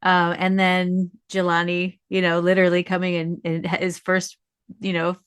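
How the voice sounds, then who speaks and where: A woman from Milwaukee hosts a podcast interview, affirming her guest and asking follow-up questions. Her voice sits a little low for a woman. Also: monotone, moderate pace, smooth. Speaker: podcast host. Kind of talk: interview conversation.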